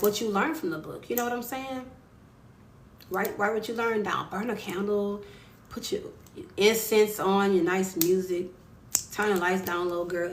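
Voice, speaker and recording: A woman's voice: mid-range voice, a bit bright, slight background noise. A woman author hosting a casual live stream, chatting encouragingly with viewers and greeting them by name. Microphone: phone. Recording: echoey room with faint ambience.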